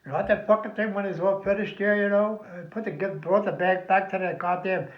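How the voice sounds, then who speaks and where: A man's voice: sits high, steady tone, brisk. An older man, a veteran, recounting his memories in a rambling, heavily profane oral history interview. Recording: echoey, somewhat muffled room recording.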